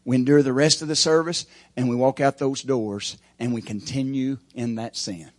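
A man preaching a sermon, asking the congregation questions and swinging between loud emphasis and quiet asides. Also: mid-range voice, steady tone, moderate pace. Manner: call-and-response preaching, rising and falling emphasis.

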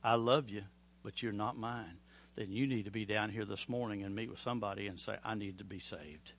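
Bright-voiced preacher, hushed then loud. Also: male voice, fairly low pitch, fairly even intonation, a little fast, slight background noise. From Oklahoma. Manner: swings from hushed pleading to loud storytelling. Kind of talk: sermon with altar call and personal story.

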